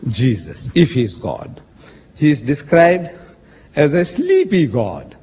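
A man's voice: on the high side, huge pitch swings, takes it slowly, a little mellow, a little hiss or hum. A man arguing in a public religious debate, emphatic and pointed, quoting scripture with dramatic stress and addressing his opponent as sir. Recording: echoey hall with long reverb.

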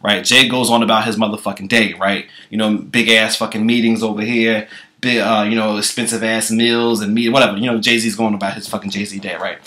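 Bright-voiced profane comic storyteller man. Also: on the low side, brisk. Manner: animated, profane, chatty. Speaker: comedy vlogger. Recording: echoey room.

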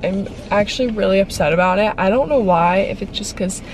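A woman's voice: mid-range voice, brisk, a little hiss or hum. A young woman in her twenties talking casually to her phone camera for a vlog, chatty and a little emotional. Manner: chatty and emotional, with soft teary asides. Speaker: vlogger. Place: in a car, then at home in bed.

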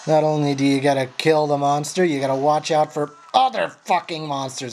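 A man's voice: a little high, moderate pace, few pauses, a little mellow, soft background music. Frustrated man swearing through gameplay. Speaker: gameplay commentator. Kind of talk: profane live gameplay commentary.

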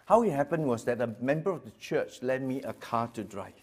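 A middle-aged man from Singapore, a pastor giving a personal testimony. He tells it as a story, dropping to a hush and then rising loud and lively, often repeating words. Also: medium pitch, a little fast, breathy edge.

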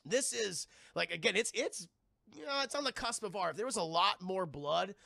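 A man streaming live, recapping a film casually, profane and excitable, and talking to his chat throughout. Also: high-pitched, moderate pace, creaky, no echo, studio quality.

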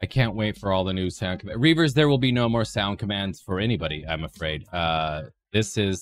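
A man on a livestream doing a goofy impersonation of another streamer, rambling and playful, swinging from silly squeals to deadpan mumbles. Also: low-pitched, fairly quick, hardly any pauses. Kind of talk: comedic stream chat impersonating a woman streamer.

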